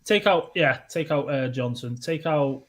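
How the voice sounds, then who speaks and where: A man's voice: mid-range voice, measured pace. A man co-hosting a podcast in casual chat over an online call, giving directions and laughing easily. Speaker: podcast co-host.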